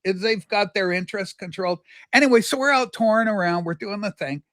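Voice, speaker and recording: An older man from Canada, co-hosting a casual livestream and telling a rambling story with lively asides. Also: sits high, a little fast, dry recording. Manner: animated, jumps between asides and acted quotes. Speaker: livestream co-host.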